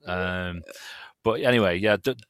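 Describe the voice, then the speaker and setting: A man's voice: deep voice, unhurried, fairly bright tone, clean tone, no echo. A man with a Mancunian accent, an enthusiastic fan gushing about a player in casual podcast chat.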